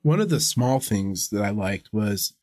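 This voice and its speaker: A man co-hosting a comic book podcast in casual chat, thoughtful and measured. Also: lowish voice, lively intonation, a little mellow, no echo, clean studio sound. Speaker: podcast co-host.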